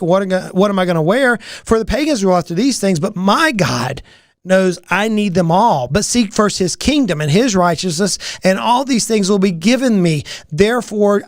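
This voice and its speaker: A man's voice: high-pitched, no room sound, clean studio sound. A man from the American South giving an emphatic, preacher-like motivational talk as a business coach, with repetitive cadence. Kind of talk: motivational talk, reciting a personal mantra.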